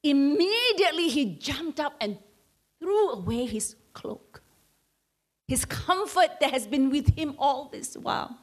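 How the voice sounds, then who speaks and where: A woman preacher tells a story in a sermon with dramatic flair, often stammering and repeating words. Her voice is very high and moves widely in pitch. She speaks slowly and draws the story out. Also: big pitch swings.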